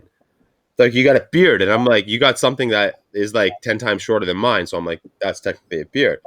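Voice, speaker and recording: A podcast co-host with a medium-pitched, fairly bright voice talks briskly in casual conversation. He tells stories, acting out what his coworkers said, and swears often.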